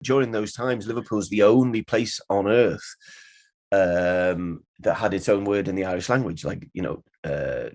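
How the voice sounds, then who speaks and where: A man's voice: deep voice, a little slow, darkish tone. A man talking casually, rambling and searching for his words. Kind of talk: casual interview talk.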